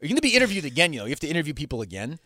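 Man, radio host, blunt, teasing, profane, animated pitch, dry studio sound. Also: rapid-fire, no room sound. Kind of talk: casual studio banter.

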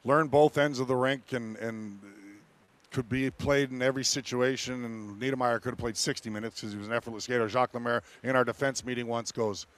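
Animated male hockey panelist. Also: mid-range voice, a little fast. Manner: animated storyteller, laughs often. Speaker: former hockey player and panelist. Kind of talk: casual sports talk.

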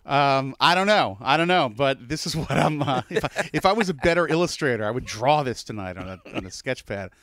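Animated man chatting casually. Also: medium pitch, brisk, hardly any pauses. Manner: animated, rambling, lots of fillers. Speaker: podcast co-host. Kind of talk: casual chat about a TV episode.

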